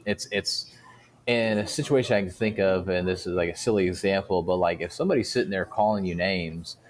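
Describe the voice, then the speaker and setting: Deep-voiced man explaining calmly. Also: brisk. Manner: calm, explanatory, uses everyday examples. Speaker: guest speaker. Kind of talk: casual interview talk.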